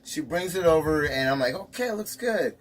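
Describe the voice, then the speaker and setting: Animated storytelling man, raised voice. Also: fairly high pitch, fairly quick, slight background noise. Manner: animated storyteller, acts out quotes, laughs a lot. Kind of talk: casual storytelling chat.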